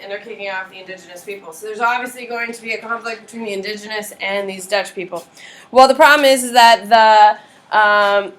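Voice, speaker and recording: A woman history teacher giving a lively classroom lecture, often checking in with her students. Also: a little high, a little hiss or hum. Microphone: far camera. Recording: roomy classroom audio from a distant camera.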